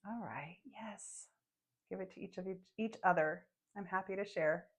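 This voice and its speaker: A young woman leads a guided meditation in a soft, unhurried voice. She is emotional and close to tears as she speaks. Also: medium pitch. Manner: soft, slow and tearful. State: emotional, crying.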